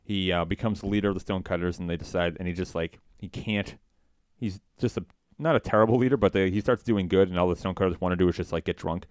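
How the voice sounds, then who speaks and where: A man co-hosting a podcast, chatting casually and rambling, breaking into excited quotes of cartoon lines. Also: deep voice, fast talker, smooth, dry recording, studio quality. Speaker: podcast co-host. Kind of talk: casual chat.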